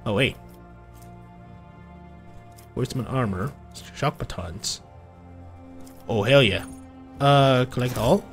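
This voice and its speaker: A man's voice: mid-range voice, slow pace, pauses often, faint music behind. A man playing a video game, chatting casually and reading dialogue aloud with fillers. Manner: chatty, reads text with fillers. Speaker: gaming channel host.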